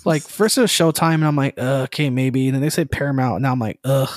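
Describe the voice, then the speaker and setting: A man's voice: on the high side, expressive, fast talker, no room sound, studio quality. A man co-hosting a gaming podcast in casual chat, rambling and swearing, laughing often. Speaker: podcast co-host.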